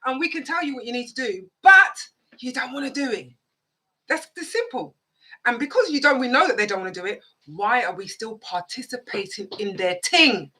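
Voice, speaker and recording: A woman's voice: on the high side, lively intonation, normal speed, sharp tone. A woman co-hosting a radio show, speaking emphatically and chiming in with agreement. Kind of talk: impassioned show chat.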